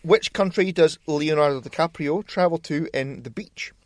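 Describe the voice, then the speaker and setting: A man's voice: on the high side, moderate pace, no room sound. A man co-hosting a casual podcast, exasperated and swearing often as he plays a quiz game. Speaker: podcast co-host. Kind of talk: casual chat. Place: small home studio shed.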